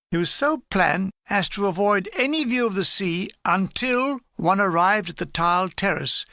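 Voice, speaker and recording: A man's voice: high voice, gravelly, pushed and bright, dry recording. A man reading a humorous war memoir aloud in a dry, playful storytelling manner. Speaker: audiobook reader.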